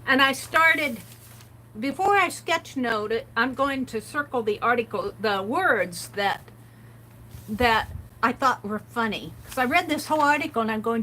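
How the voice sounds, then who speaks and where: A woman's voice: a little high, animated, a little slow, pushed and bright, rough recording. A woman hosting a casual art livestream, chatting and reading quotes aloud with amused comments. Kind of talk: casual craft livestream chat.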